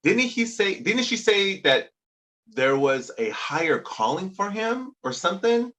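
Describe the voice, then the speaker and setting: Podcast co-host, male, animated and bright, casual questioning chat. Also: high-pitched, measured pace.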